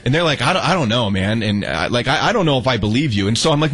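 A young adult man telling a story in casual chat, animated and acting out the quotes, with many restarts. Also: medium pitch, fast talker, few pauses, faint music behind. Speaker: storyteller guest.

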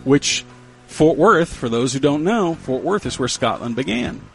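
A man's voice: mid-range voice, animated, a little slow, creaky, soft background music. A man hosting a casual radio show, chatting in a playful, joking way. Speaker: radio host.

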